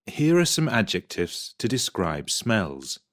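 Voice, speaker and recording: A man reading example sentences for a vocabulary textbook, clearly and expressively. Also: lowish voice, very animated, slow, fairly bright tone. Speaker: textbook audio reader.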